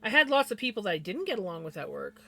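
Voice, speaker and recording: A woman's voice: medium pitch, huge pitch swings, fast talker, pushed and bright. A woman live streamer telling a personal story to her viewers in casual chat. She talks bluntly and swears freely. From Canada.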